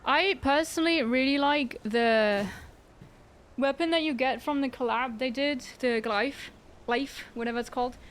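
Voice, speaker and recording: A woman's voice: high voice, normal speed, a little hiss or hum. A young woman streaming a game, chatting casually with her viewers in a sarcastic, giggly way. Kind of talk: casual gameplay livestream chat.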